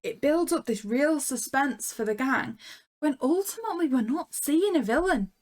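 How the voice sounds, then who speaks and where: Female podcast co-host, slightly high voice, chatty plot recaps, laughs easily. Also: animated, moderate pace, darkish tone. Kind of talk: casual review chat.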